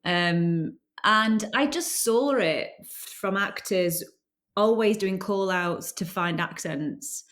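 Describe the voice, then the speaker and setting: A woman's voice: medium pitch, slow pace, a bit bright. A woman actor and company founder telling her story as a podcast guest in an enthusiastic, chatty way. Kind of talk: casual interview chat.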